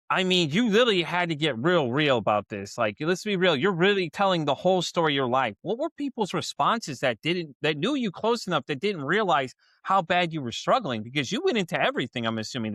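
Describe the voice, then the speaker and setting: A man's voice: on the high side, a bit bright, no echo, clean studio sound. A man with a Texan accent hosting a podcast in casual chat, telling stories animatedly, swearing and acting out his own reactions. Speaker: podcast host.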